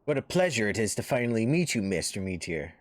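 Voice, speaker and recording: A man voicing a smooth male officer of a desert city with a vague put-on accent. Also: on the low side, sing-song, fast, no echo.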